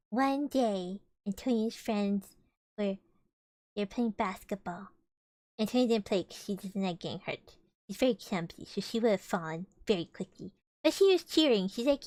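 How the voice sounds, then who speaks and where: A woman's voice: mid-range voice, lively intonation, normal speed, long pauses, a little mellow, dry recording. A young woman streamer reading a storybook aloud with casual, chatty and giggly asides between passages.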